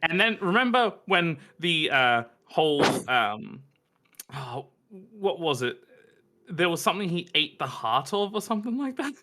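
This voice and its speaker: A man playing a tabletop game, chatting casually in an excitable way. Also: a little high, a little slow. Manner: excitable, laughing often. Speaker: player.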